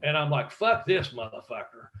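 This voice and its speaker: Animated, profane storytelling man. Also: a little high, normal speed. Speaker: guest, former pro wrestler. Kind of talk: casual storytelling interview.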